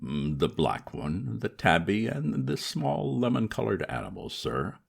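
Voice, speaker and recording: Guy doing a calm polite butler type, deep hushed husky voice. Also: full character voice. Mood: deferential. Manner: quiet, measured and deferential. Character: unflappable respectful male valet, calm.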